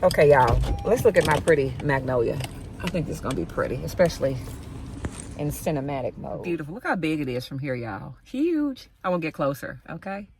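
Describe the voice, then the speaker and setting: A woman's voice: sits low, sing-song, a little fast, faint music behind, rough recording. Chatty woman filming her yard. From United States. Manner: chatty, keeps addressing viewers as y'all, often drops to a soft hush. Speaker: vlogger. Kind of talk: casual chat to camera. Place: outdoors in her yard by a tree.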